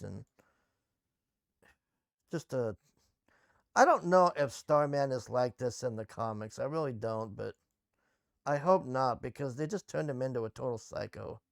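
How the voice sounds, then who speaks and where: A man's voice: medium pitch, a little slow, smooth, no room sound, clean studio sound. A man casually recapping and reviewing a TV episode, blunt and sarcastic, swearing freely.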